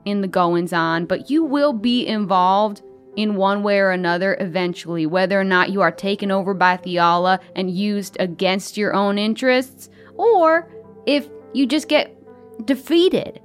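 A woman voicing an earnest rebel woman who gives a slow, drawn-out speech to a crowd. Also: mid-range voice, faint music behind, voice pushed down, natural voice. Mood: rallying.

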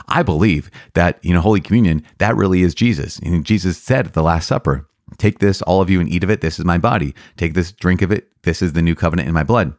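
Deep-voiced earnest priest teaching. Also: male voice, a little fast, dry recording, studio quality. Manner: earnest, enthusiastic, with frequent restarts and repetitions. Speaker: priest podcast host. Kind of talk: catechism commentary.

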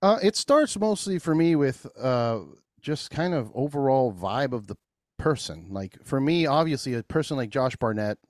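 A man on a podcast telling stories in an animated way, swearing freely, laughing often and acting out voices. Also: mid-range voice, normal speed, no room sound. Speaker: podcast guest, beer brewer. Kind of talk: casual storytelling chat.

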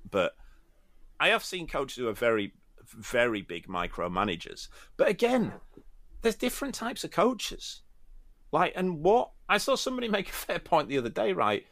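Guy coach on a podcast, lively up-and-down voice, bit of fry, dry close sound. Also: fairly high pitch, normal speed, no room sound. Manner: animated, restarts often, acts out quotes. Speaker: tennis coach and podcast co-host. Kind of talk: casual podcast discussion.

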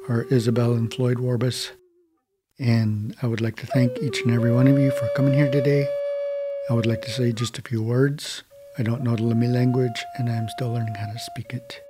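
A calm, laid-back young man from the United States, telling a traditional story to a gathering. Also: medium pitch.

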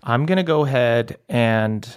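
A man's voice: mid-range voice, animated, unhurried, clean tone. A man playing a tabletop game, thinking aloud in a hesitant way. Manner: thoughtful, hesitant, with many fillers. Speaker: player.

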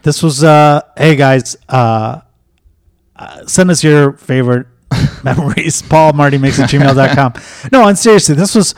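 A man's voice: a little high, measured pace, no echo, clean studio sound. Chatty man, podcast co-host. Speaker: podcast co-host and stand-up comic. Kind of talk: casual chat.

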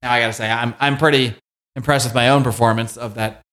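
A man co-hosting a podcast, recapping a comic book in an animated, casual way, now and then swearing. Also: mid-range voice, fast talker. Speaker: podcast co-host.

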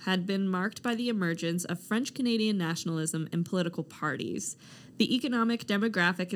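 A young woman with a slightly low voice co-hosts a casual history podcast. She reads passages aloud, then drifts into joking asides and laughs often. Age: young adult. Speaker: podcast co-host.

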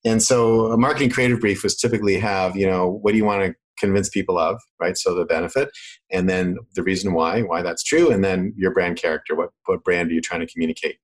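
A deep-voiced, fast-talking man from Canada, with a largely faded accent, casually explains marketing. He is animated and acts out quoted voices, captured on a low-quality recording.

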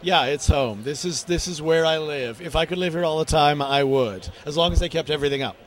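A man answers questions at a busy convention booth, wry and self-deprecating. His voice sits slightly high. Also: fairly quick. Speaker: interviewed guest writer.

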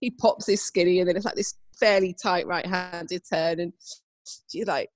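A woman's voice: lowish voice, moderate pace, no echo. A young woman chatting casually as podcast co-host, telling stories with lots of acted-out quotes. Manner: animated storytelling, acts out quotes. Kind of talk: casual chat.

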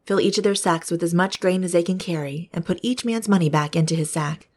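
A woman's voice: on the low side, a little fast, a little mellow, natural voice. A woman reading the part of Joseph, a powerful man giving firm commands. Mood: commanding. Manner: firm, commanding read-aloud delivery.

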